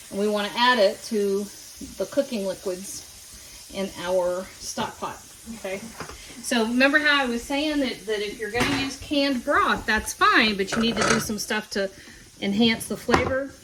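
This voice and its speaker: A woman's voice: mid-range voice, background noise. A middle-aged woman, hosting a casual home cooking demonstration in her kitchen and chatting folksily straight to her viewers. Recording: kitchen sizzle and clatter behind voice.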